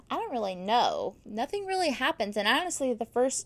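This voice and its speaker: A woman's voice: fairly high pitch, very animated, a little fast, no room sound. A woman in casual chat, reading book reviews aloud and answering them with many fillers, defensive of her favorite books.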